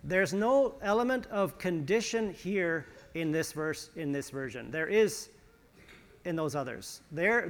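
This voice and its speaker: A man preaching a conversational sermon as pastor, with frequent restarts and some sarcasm. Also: high-pitched.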